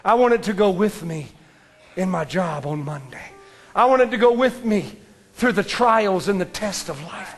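A man preaching a sermon, dropping to whispers and rising to shouts. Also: high voice, moderate pace. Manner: swings from hushed whispers to shouted climaxes. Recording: live church with music behind.

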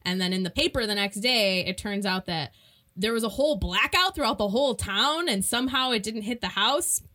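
A young woman chatting casually while recapping a movie plot, animated and quick to laugh, with lots of filler words. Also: medium pitch.

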